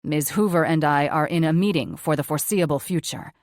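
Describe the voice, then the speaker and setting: A woman reading a romance audiobook, voicing a powerful wealthy man in a lower, hoarse, throaty and shaky voice. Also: a little fast, no echo, studio quality, close to an everyday voice. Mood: husky, strained. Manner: shaky, breathless delivery. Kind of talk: audiobook character voice.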